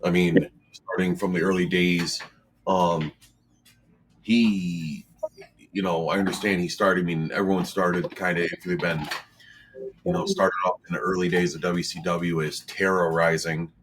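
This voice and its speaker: A man's voice: sits low, little pitch movement, unhurried, a bit bright, slight background noise. A man talking casually in a podcast chat, rambling with lots of fillers and restarts.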